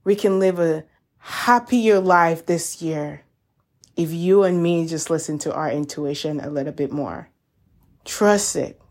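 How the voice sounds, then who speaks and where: A woman hosting a self-help podcast, talking in a gentle, encouraging way and calling her listeners y'all. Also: on the low side. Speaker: podcast host. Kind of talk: reflective self-help talk.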